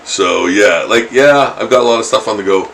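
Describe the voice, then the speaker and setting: A man's voice: fairly low pitch, normal speed, a bit bright, slight background noise, rough recording. A middle-aged man chatting casually while he draws, rambling and chuckling, with lots of fillers and restarts. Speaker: artist streaming his drawing. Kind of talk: casual chat while drawing.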